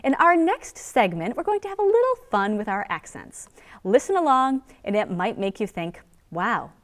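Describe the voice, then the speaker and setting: A woman from Connecticut hosting a local news magazine show, upbeat and playful. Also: sits high. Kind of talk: light local news presenting.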